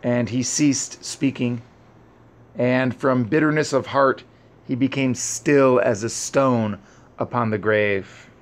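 A man reading an ancient scripture narrative aloud in a solemn, measured way. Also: medium pitch, fairly even intonation. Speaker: reader.

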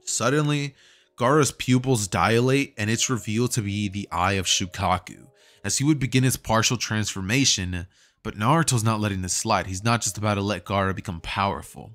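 Low-voiced man narrating a fan story. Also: normal speed, fairly bright tone. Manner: casual, with fillers and restarts. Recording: faint music behind.

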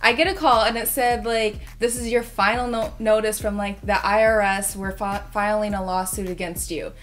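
Young adult woman for a casual storytime video, rambling and excitable delivery. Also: medium pitch, moderate pace. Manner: rambling, filler-heavy, excitable.

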